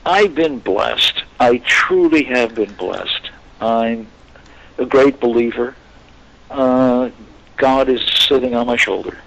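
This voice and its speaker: Older actor guest, gravelly voice, animated storyteller who does the voices. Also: male voice, mid-range voice, takes it slowly, rough recording. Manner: animated anecdotes, acts out quoted voices. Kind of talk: storytelling interview chat.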